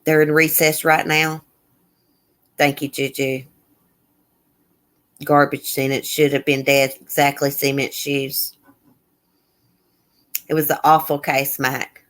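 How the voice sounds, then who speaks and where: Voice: medium pitch, little pitch movement, takes it slowly, pauses often, a bit bright. A live-stream host in casual commentary who reads a news article aloud, with blunt, indignant asides and remarks to viewers in the chat.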